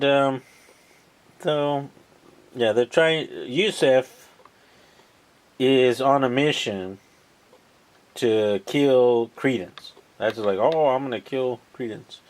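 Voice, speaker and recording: Slow, rambling man retelling a movie. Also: mid-range voice. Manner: rambling, lots of ums and uhs, swears casually. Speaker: vlogger. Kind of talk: casual retelling of a film plot.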